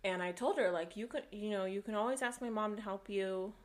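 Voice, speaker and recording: A young woman co-hosting a podcast in casual chat, telling a story softly and rambling with fillers. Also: mid-range voice, fairly quick. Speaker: podcast co-host.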